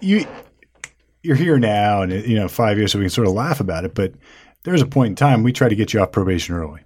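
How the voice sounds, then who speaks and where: A defense lawyer with a somewhat low, husky voice. He talks casually, and his pitch moves a lot as he prompts and sums up the story. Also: animated, quick pace, darkish tone. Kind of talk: casual conversation.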